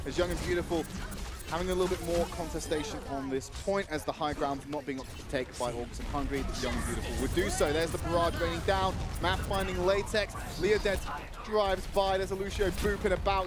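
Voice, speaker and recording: A man giving live play-by-play commentary on a competitive video game match, excitable and breaking into shouts at the big plays. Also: fairly high pitch, fast, over music. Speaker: esports commentator.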